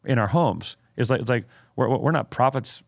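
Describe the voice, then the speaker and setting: A man's voice: mid-range voice, lively intonation, vocal fry, dry recording, studio quality. A man co-hosting a casual podcast as a pastor, talking emphatically and with conviction. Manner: emphatic, fervent, reads quotes with dramatic slowing.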